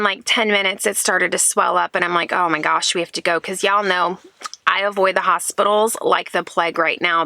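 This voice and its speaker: A woman's voice: mid-range voice, sharp tone, no room sound. A woman, chatting earnestly to camera in a home vlog, sprinkling in lots of "like"s. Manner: earnest, faith-filled, chatty with many "like"s. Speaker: vlogger. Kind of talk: casual chat to camera.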